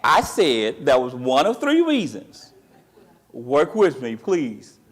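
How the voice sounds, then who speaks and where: A man teaching a Bible class, quizzing his students with call-and-response questions and retelling the story in colloquial, animated speech. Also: mid-range voice, takes it slowly, slightly rough.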